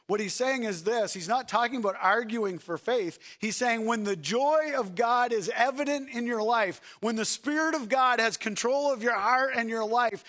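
A male pastor with a high-pitched voice preaches a sermon. He swings from loud, shouted passages down to soft, hushed lines and keeps asking the congregation questions. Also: moderate pace, few pauses. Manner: swings between shouting and soft, quiet delivery; asks the congregation rhetorical questions.

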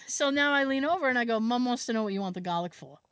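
Lively, animated woman telling a story. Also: a little high, fast, clean tone, dry recording, clean studio sound. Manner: animated, acts out family members' lines; frequent "like" fillers and laughter. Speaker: podcast co-host. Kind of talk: casual storytelling chat.

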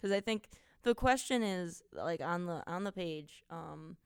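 A woman's voice: on the low side, expressive, measured pace, clear, resonant tone, dry recording, studio quality. A young woman from Wisconsin, co-hosting a podcast in a chatty, giggly, self-mocking way. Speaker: podcast co-host. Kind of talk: casual chat.

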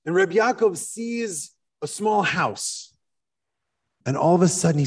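High-voiced rabbi telling a story from afar. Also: male voice, moderate pace. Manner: animated, with fillers. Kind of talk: sermon storytelling. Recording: distant mic.

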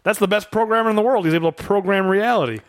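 A man's voice: sits high, racing, no echo. Chatty man with a dry close sound. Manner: chatty, laughs often, quotes lines. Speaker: podcast co-host. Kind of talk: casual film discussion.

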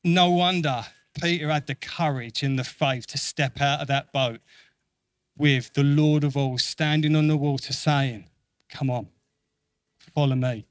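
A man's voice: fairly high pitch, measured pace, no echo. A man preaching a sermon in an earnest way, repeating phrases for emphasis and acting out quoted voices. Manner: acts out quoted voices with lively shifts.

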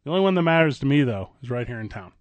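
A man's voice: medium pitch, big pitch swings, no room sound. A man hosting a morning sports radio show, bantering and teasing his co-host. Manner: playful, jokey, quick to tease. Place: radio studio. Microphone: studio microphone.

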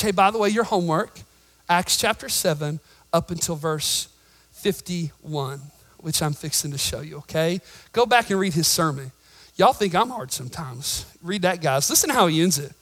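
A man preaching a sermon in a church, swinging between shouted emphasis and quiet asides and joking with the congregation. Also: fairly high pitch, animated, normal speed, poor audio. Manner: jokes with the congregation. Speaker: pastor.

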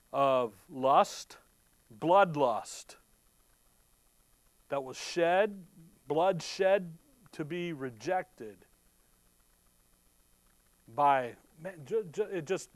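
A man's voice: a little high, animated, extremely slow, long pauses, no echo. A man preaching a sermon who reads scripture verse by verse and stops to explain it. He asks rhetorical questions, answers them himself, and restarts words when stirred.

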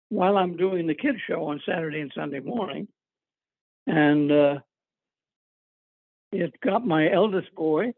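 A man's voice: on the high side, vocal fry, breathy edge, no room sound. An older man from New England, an actor, casually telling rambling stories with chuckles and filler words. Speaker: guest actor. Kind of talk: casual interview storytelling. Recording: tinny phone-line sound.

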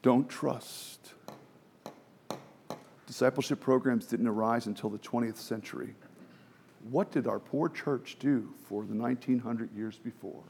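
A middle-aged man preaching a sermon from the pulpit, chatty and self-deprecating, moving between quiet asides and emphatic exhortation. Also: mid-range voice, unhurried, vocal fry, pauses often, a little hiss or hum. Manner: conversational with self-deprecating humor, many restarts and fillers. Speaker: pastor.

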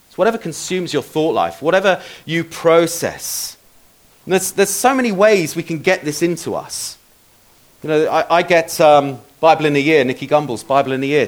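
A man preaching a sermon in a conversational, self-deprecating way, with asides to the congregation. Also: fairly high pitch.

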